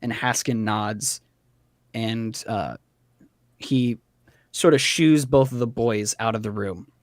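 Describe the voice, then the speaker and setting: A man's voice: fairly low pitch, slow, no room sound, studio quality. A man narrating a tabletop game as game master, loose and chatty, with many fillers.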